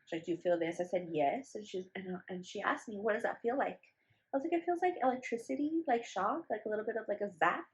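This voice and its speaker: A woman's voice: medium pitch, expressive, quick pace, rough recording. A young woman vlogger telling a personal story in a casual, chatty way, with many fillers and restarts. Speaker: vlogger, new mother.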